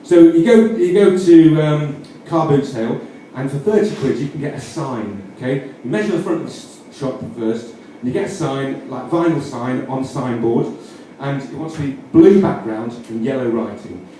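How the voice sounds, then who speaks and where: Speaking with a Yorkshire accent, a male comedian rambles through mock-earnest comic instructions, frequently correcting himself partway through sentences. His voice is medium-pitched, expressive and warm, at a moderate pace with few pauses. Recorded on a distant mic with roomy echo and faint noise.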